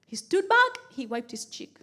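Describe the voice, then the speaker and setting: A woman comedian on a stage mic, with a high, bright voice. She tells her stories with animated energy and repeats phrases for comic build-up. Her quoted pleas are acted out. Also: moderate pace. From Kenya. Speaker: stand-up comedian. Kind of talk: stand-up storytelling.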